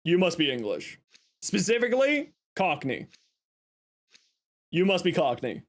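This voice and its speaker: A young man with a high-sitting voice speaks at a measured pace while chatting casually with viewers on a game stream. He's playful and teasing, slipping in deadpan jokes.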